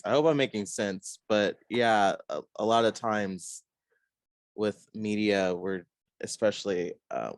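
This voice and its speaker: Laughing often and using plenty of fillers, a young man chats casually as the artist guest in an interview. He has a lowish voice, recorded with no echo.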